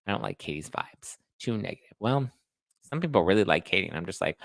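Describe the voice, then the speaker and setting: A man's voice: low voice, expressive, fast talker, vocal fry, no echo. A man hosting a podcast, chatting casually and with sass while recapping reality TV. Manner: chatty and sassy, acts out quotes. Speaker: podcast host.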